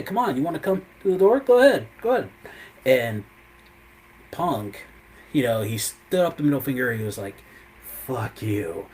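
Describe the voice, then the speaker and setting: A man's voice: medium pitch, rough recording. A man with an ordinary mid-range voice talks in a loose, rambling recap and keeps stringing thoughts together with fillers. A faint ambient hum sits behind him. He sounds like a host chatting live to his viewers. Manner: rambling, lots of "you know" and "I mean" fillers. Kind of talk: casual wrestling recap.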